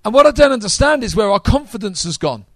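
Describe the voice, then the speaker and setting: A man preaching a sermon to a live congregation, energetic and talking straight to the audience. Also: high voice, fast talker, no room sound.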